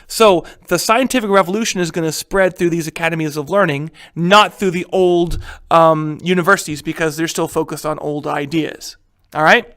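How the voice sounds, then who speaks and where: A man's voice: on the high side, steady tone, normal speed, a bit bright. A man teaching a recorded history lecture in a casual way, with many fillers and frequent check-ins with students.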